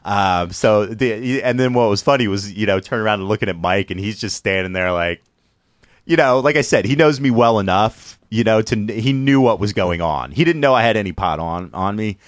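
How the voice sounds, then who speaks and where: A man's voice: fairly low pitch, moderate pace, no echo, studio quality. A man casually telling a story, laughing often and acting out the quotes. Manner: laughing, animated, acts out quotes.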